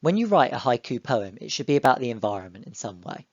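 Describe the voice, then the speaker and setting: A young male teacher giving an online lesson to children, explaining step by step in a clear, encouraging way. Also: mid-range voice, big pitch swings, fast talker, no echo, highs cut off. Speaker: primary school teacher.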